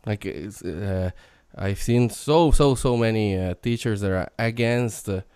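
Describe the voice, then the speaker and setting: A man's voice: on the low side, measured pace, darkish tone, clean tone, dry recording, studio quality. A man hosting an interview, asking questions in a hesitant, searching way. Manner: hesitant, many fillers and restarts. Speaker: interview host.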